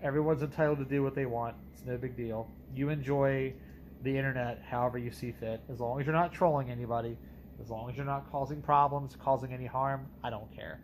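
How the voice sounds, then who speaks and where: A man's voice: mid-range voice, steady tone, a little fast, slight background noise, low-quality recording. A man reviewing perfumes in a casual monologue, talking bluntly and emphatically with some profanity.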